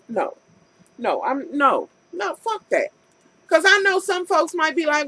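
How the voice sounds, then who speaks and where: A woman's voice: high-pitched, animated, normal speed, bright, forceful tone, no echo, poor audio. A woman vlogger recapping a TV episode in a casual, profane rant, acting out scenes with incredulous commentary.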